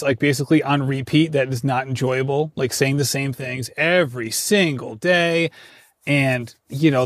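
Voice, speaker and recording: A man's voice: mid-range voice, no room sound, clean studio sound. A man talking casually on a podcast, chatty and self-deprecating, full of fillers. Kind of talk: casual conversation.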